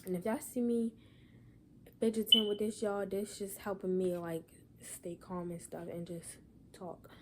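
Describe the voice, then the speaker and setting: A woman's voice: medium pitch, little pitch movement, unhurried, heavy background noise. A young woman talks in an emotional personal vlog, holding back tears and rambling with many "y'all" and "like" fillers. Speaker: vlogger.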